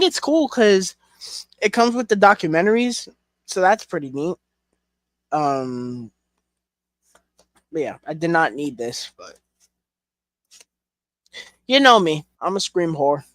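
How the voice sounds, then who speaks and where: A man's voice: on the high side, sing-song, a little slow, long pauses, a bit bright, dry recording. Casual young man rambling, dry sound. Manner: rambling with fillers and frank swearing. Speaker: collection reviewer. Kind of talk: casual chat.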